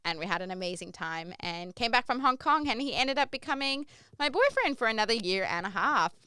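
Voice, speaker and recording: A woman's voice: fairly high pitch, big pitch swings, a little fast, sharp tone, smooth, dry recording. Chatty woman podcast host. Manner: chatty, says "like" often; acts out quoted lines. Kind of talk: casual storytelling monologue.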